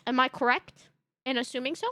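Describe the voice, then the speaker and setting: Bright, high-voiced woman streamer. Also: a little fast, no echo. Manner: animated, emotional storytelling with laughs. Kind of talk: casual chat. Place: home streaming setup.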